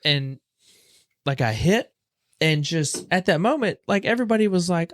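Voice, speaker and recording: A man's voice: a little high, normal speed, no room sound, clean studio sound. A young man casually telling a story as a podcast guest, acting out what people said. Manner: animated, acts out quoted voices.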